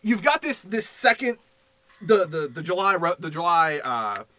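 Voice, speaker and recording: A man hosting a casual history podcast, animated and profane, slipping into silly voices for quotes. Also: sits high, normal speed. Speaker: podcast co-host.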